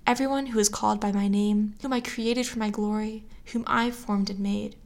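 A woman reading scripture aloud in a calm, deliberate way on a Bible podcast. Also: mid-range voice. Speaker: scripture reader.

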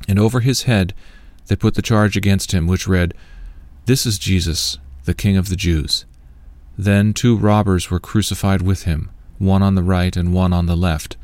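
A man reading a long scripture passage aloud in a measured, solemn way. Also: low voice, darkish tone, dry recording. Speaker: scripture reader.

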